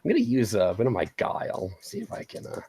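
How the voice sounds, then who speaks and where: A man playing a tabletop role-playing game, describing his character's actions in a halting way with many fillers. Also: lowish voice, huge pitch swings, background noise. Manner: halting, full of fillers and laughter. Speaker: player. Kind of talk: tabletop role-play chat.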